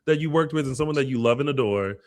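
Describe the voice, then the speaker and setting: A man's voice: medium pitch, quick pace, darkish tone. A man co-hosting a fan show, introducing and interviewing a guest in a bubbly, effusive way. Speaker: podcast co-host.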